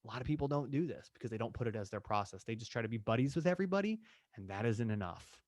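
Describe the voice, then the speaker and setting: A man's voice: mid-range voice, animated, fast talker, darkish tone, no echo, studio quality. A man coaching real estate agents in a live online session, acting out client and agent dialogue with energy.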